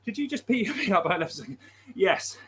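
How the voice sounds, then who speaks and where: A man's voice: sits high, big pitch swings, a little fast, fairly bright tone, husky. A man hosting a livestream, chatting casually, laughing often and reading out viewer messages. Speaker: livestream host.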